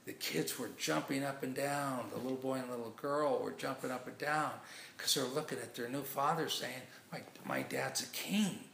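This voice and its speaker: A man's voice: mid-range voice, fairly even intonation, normal speed, creaky, fairly bright tone, a little hiss or hum. A man preaching, telling a story as a sermon illustration in a rambling way with many restarts. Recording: echoey room.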